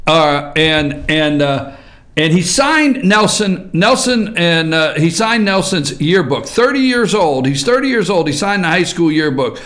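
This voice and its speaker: A man hosting an opinionated morning talk show, sarcastic and animated, often rising into shouts. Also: a little high. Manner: animated, sarcastic, breaks into shouts and mock voices.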